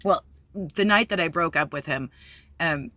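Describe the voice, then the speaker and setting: A woman's voice: low-pitched, measured pace, sharp tone, dry recording. A woman candidly telling a personal story on her vlog, blunt and profane, with many fillers. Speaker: vlogger.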